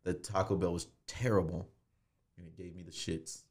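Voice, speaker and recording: Low-voiced laid-back man telling stories. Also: little pitch movement, normal speed, a little mellow, breathy edge. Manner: laid-back storyteller, slangy, acts out his own drive-thru orders. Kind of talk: casual chat.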